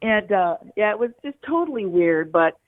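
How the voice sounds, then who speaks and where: A woman's voice: medium pitch, animated, moderate pace, no room sound. A woman calling in to a radio show, telling her story with emotion and frequent laughter. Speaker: caller. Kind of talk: call-in radio chat. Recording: tinny phone line.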